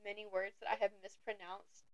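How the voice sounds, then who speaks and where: Soft-spoken young woman, dry close mic. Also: mid-range voice, level tone, fairly quick, no room sound, dull audio. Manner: soft-spoken, hesitant, many ums. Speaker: podcast co-host. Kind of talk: casual chat about books.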